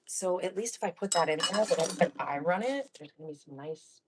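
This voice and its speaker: A middle-aged woman from Florida chatting casually while cooking in her home kitchen, laughing often and sometimes dropping to a soft half-whisper. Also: lowish voice, animated, fairly quick, hardly any pauses, a little hiss or hum. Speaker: live-stream cooking host.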